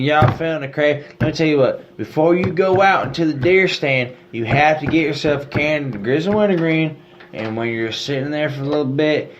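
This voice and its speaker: A man riffs on a comedy podcast in a joking, boastful good-ol'-boy manner. He rambles from one tall claim to the next. The recording sounds slightly muffled, with a faint hiss behind it. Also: on the high side. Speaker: podcast co-host.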